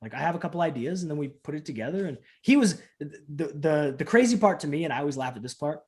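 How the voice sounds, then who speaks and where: A man talking casually as an interview guest, telling an animated story with lots of "like" and acting out what people said. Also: fairly high pitch, quick pace. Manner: animated, acts out the voices of people in his stories, fills in with "like". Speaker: professional wrestler, interview guest.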